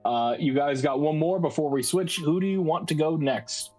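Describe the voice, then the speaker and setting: A game master narrating a tabletop game in a relaxed, rambling way full of fillers. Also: mid-range voice, moderate pace, soft background music, low-quality recording.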